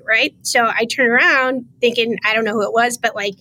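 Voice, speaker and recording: A woman's voice: a little high, fairly even intonation, brisk, hardly any pauses, bright, forceful tone. Emotional woman recounting a confrontation. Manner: earnest, re-enacts dialogue, many fillers. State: emotional, near tears. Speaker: podcast guest. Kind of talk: emotional first-person storytelling.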